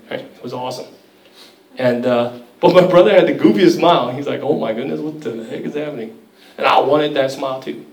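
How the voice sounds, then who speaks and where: Guy preaching a sermon, kinda high voice, chatty storyteller, roomy echo from far off. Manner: conversational storytelling preacher, dramatic quoted voices. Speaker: pastor.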